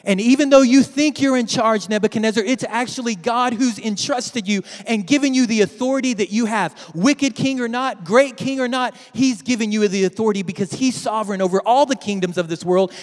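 A man preaching a sermon to his church, dramatic and swinging from loud to hushed. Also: high-pitched, moderate pace, big-room sound. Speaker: pastor.

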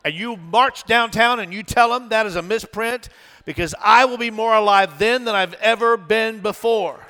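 A middle-aged male pastor preaching a sermon, dramatic, swinging from shouts to hushed tones. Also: sits high, normal speed, big-room sound.

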